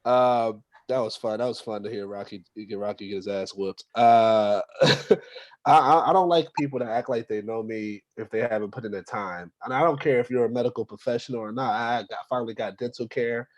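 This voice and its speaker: A man's voice: medium pitch, fairly quick. Loose Bay stand-up comic, man. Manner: loose, conversational delivery with many fillers. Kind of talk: stand-up set at an open mic.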